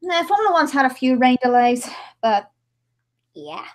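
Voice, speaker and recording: Here a giggly young woman with a high voice speaks at a moderate pace, very animated. She's editing a dramatic reading live, keeping up casual, chatty self-talk broken by frequent laughter.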